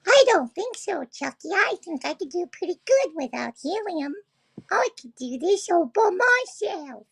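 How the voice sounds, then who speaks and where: A woman putting on a squeaky, very high helium-style voice, cocky and playful. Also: big pitch swings, unhurried, vocal fry, heavily acted.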